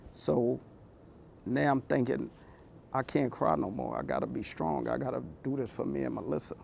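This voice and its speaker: Male motivational speaker, heavy vocal fry, mid-pitched; candid and heartfelt, talks like he's chatting. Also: fairly even intonation, moderate pace, darkish tone, a little hiss or hum. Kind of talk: personal storytelling talk.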